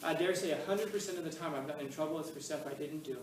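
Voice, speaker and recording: A man's voice: on the high side, rapid-fire, noisy background. A man teaching a class on philosophy, telling stories animatedly and acting out voices along the way. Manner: animated storytelling, acts out voices in anecdotes. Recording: echoey room, mic at a distance.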